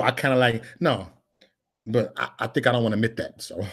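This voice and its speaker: A man's voice: mid-range voice, fairly quick. A man in his forties with a Chicago accent preaches in raw, unpolished street slang. He repeats his phrases for emphasis and talks straight to his viewers. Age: 40s. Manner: repetitive, emphatic, conversational.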